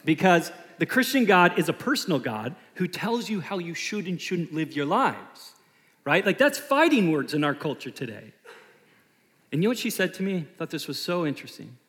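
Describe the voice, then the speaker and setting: A man in his thirties preaching a sermon as a pastor, emphatic and animated, often repeating himself. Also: fairly high pitch, normal speed. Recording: long hall reverb.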